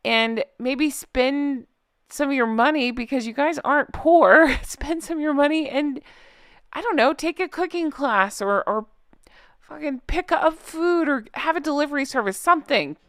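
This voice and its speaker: A woman's voice: high voice, normal speed, no echo. Sarcastic woman ranting in a dry room. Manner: sarcastic, blunt, swears freely; animated, laughing asides. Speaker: book commentary vlogger. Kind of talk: casual reaction commentary.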